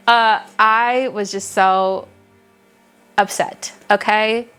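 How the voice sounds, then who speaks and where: A young woman reviewing books in a casual, animated chat, gushing and swearing freely. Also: mid-range voice, slow pace, clean tone, soft background music. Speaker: book reviewer.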